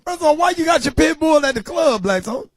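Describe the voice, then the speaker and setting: A man hosting a radio comedy show, teasing a caller with loud shouted questions. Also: very high-pitched, expressive, fast talker, crowd noise.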